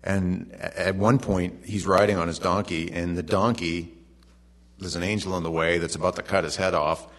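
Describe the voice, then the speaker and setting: Middle-aged male pastor, lowish voice, conversational sermon delivery with animated asides. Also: moderate pace.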